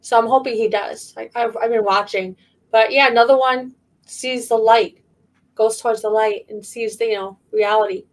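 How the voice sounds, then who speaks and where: A woman's voice: fairly high pitch, fairly even intonation, moderate pace, far from the mic, poor audio. A woman co-hosting an online talk show, blunt and chatty. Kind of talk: casual podcast chat.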